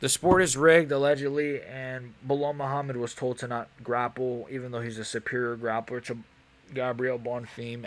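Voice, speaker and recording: Frustrated young male fight streamer. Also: mid-range voice. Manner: casual, swearing, animated and frustrated. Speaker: MMA streamer. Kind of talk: live fight commentary stream.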